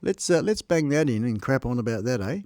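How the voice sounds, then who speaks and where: Talking to his chat from home on a live stream, this Australian man is very animated, a little fast, and jokey, laughing a lot. His medium-pitched voice has a darkish tone, picked up dry on a close desk mic with faint background music.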